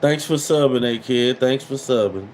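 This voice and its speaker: A man's voice: medium pitch, normal speed, a little hiss or hum, poor audio. A man in his thirties hosting a casual livestream, reading viewer comments and mocking them with repeated catchphrases. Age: 30s. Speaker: livestream host.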